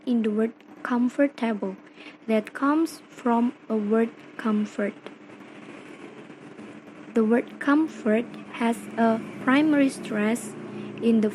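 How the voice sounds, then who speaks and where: A woman's voice: fairly high pitch, takes it slowly, pauses often, darkish tone, a little hiss or hum, rough recording. A young woman with an Indonesian accent giving a class presentation as a student, explaining carefully and moving between English and Indonesian. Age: young adult.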